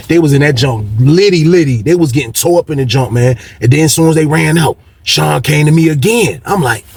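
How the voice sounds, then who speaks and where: A man's voice: medium pitch, a little mellow, slight background noise. A man telling a story in a slangy, casual way, acting out other people's lines. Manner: slangy, acts out dialogue with shifting voices.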